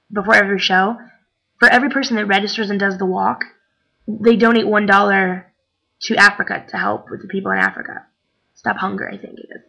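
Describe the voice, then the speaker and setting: A tired young vlogger chats casually and rambles, using lots of "like" and "um." Her voice is mid-range with vocal fry, and the webcam recording sounds dull and lo-fi.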